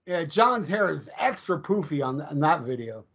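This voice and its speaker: A man co-hosting a casual music podcast, jokey and quick to laugh, retelling anecdotes. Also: on the high side, very animated, a bit bright, highs cut off. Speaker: podcast co-host reviewing an album. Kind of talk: casual chat.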